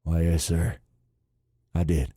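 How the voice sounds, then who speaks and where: A man voicing a ninety-year-old World War Two fighter pilot with a slow, raspy voice and a Southern accent. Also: low voice, flat delivery, dark tone, no room sound, clean studio sound. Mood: kindly. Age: 90s. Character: very old male WWII fighter pilot, tired, gentle.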